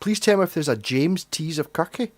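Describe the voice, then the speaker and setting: A man's voice: fairly high pitch, expressive, a little fast, no room sound. A Scottish man hosting a livestream, chatting casually with viewers in a rambling, self-deprecating way, a bit tipsy. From Scotland. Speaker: livestream host. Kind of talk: casual chat with chat readers.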